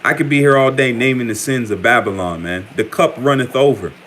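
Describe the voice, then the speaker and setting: Brief: American man, mid-pitched, street-style preacher, casual and repetitive, stumbles and restarts phrases. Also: brisk, fairly bright tone, a little hiss or hum. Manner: conversational, repeatedly says "man", frequent stammers and restarts. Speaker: preacher giving an online update. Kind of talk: informal preaching with scripture reading.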